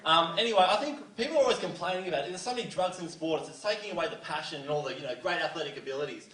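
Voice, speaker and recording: A man's voice: fairly high pitch, expressive, rapid-fire, a bit bright, recorded from a distance. A teenage man doing a rambling, self-deprecating stand-up set full of fillers. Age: teens. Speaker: stand-up comedian. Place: school comedy stage before a live audience. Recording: echoey hall from afar, crowd laughing. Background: audience laughter.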